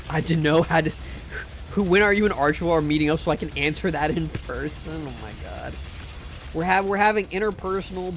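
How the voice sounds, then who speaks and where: A man's voice: a little high, a bit bright, slight background noise. A man streaming a game live, joking around as he plays and reads chat, often repeating words while he talks. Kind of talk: live gameplay commentary and chat reading.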